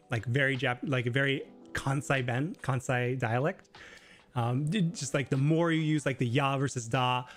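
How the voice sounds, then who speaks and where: A man hosting a casual live Q&A stream, explaining Japanese in a chatty way full of filler words. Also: medium pitch. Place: living in Japan.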